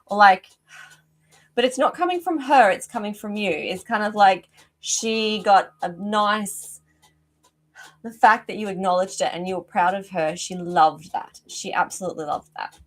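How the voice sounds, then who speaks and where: A woman's voice: medium pitch, normal speed. A middle-aged woman, hosting a live psychic reading as an animal communicator, chatting effusively and often breaking off mid-sentence. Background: rooster crowing outside.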